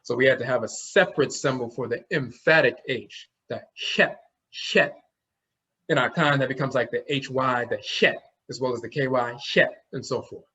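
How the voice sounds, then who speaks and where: A man's voice: mid-range voice, pushed and bright, slightly rough, muffled recording. A man teaching an online class, explaining things step by step and sounding out letters as he goes. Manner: explains slowly, demonstrates sounds aloud.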